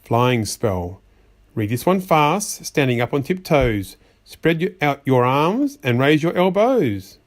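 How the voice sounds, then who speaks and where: A man reading a rhyming storybook aloud, giving slow, measured spell instructions. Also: medium pitch, very animated. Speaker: storybook reader.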